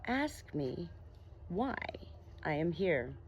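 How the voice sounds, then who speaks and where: A woman voicing a soft, melodious kind monster. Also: lowish voice, sing-song, extremely slow, muffled recording, slight background noise, full character voice. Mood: calm. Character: gentle wise male monster, calm and kind. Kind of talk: audiobook narration.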